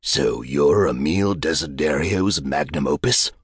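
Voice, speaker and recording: Man putting on a husky, peppery British old-timer. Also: rumbling low, a little slow, no room sound, clean studio sound, heavily acted. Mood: sizing up. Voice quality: husky tobacco-ravaged warble. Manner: blunt, profane, peppery. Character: gruff aging balding British collector, crude.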